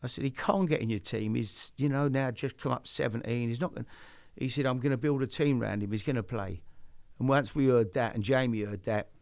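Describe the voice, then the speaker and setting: A man's voice: medium pitch, brisk, creaky, a little mellow. An older man hosting a chat show, telling stories in a rambling way with many restarts. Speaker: host. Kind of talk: casual storytelling chat.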